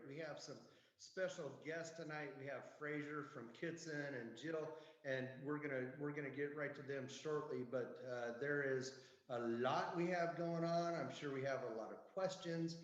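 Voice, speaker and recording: A man's voice: a little high, highs cut off. A man hosting a video-call town hall, playful and hammy, joking with guests before moving things along. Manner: playful, hammy leprechaun bits. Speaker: host. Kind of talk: casual video-call chat.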